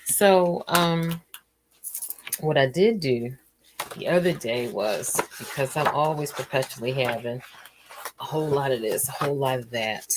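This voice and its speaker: Tired woman host, low voice, chatty and meandering, casual home stream with faint noise. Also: measured pace. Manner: rambling and chatty, trails off with fillers. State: tired and yawning. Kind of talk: casual livestream chat.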